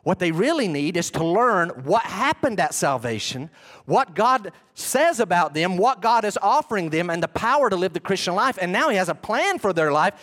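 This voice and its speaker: A man's voice: high-pitched, big pitch swings, moderate pace, fairly bright tone. A man preaching a sermon as a pastor, in a conversational way with emphatic bursts and asides.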